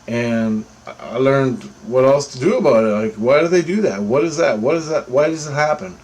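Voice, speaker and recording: A man telling a personal story in a rambling, casual way, getting animated when he quotes what others said. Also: medium pitch, moderate pace, slightly rough, poor audio.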